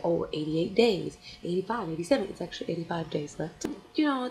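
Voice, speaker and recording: A young woman vlogging casually to camera as a fan blogger, chatty and full of fillers, with quick laughs. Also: fairly low pitch.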